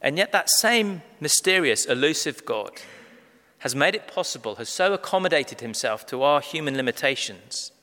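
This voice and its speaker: Preacher in a reverberant hall. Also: male voice, a little high, lively intonation, bright, forceful tone. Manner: measured, emphatic, slows down on key phrases. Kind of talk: sermon. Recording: long reverb of a large hall.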